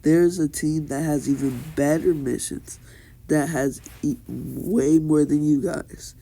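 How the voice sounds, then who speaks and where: A man's voice: on the high side, fairly even intonation, slow pace, vocal fry, warm tone, exaggerated voice, low-quality recording. A man doing a patient old village leader. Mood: explaining. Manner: explaining, hesitant with fillers.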